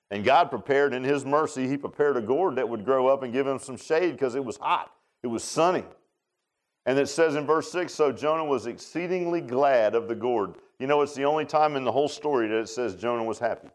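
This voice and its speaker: A man preaching a sermon, folksy and animated, swinging from loud emphatic lines to low quiet ones.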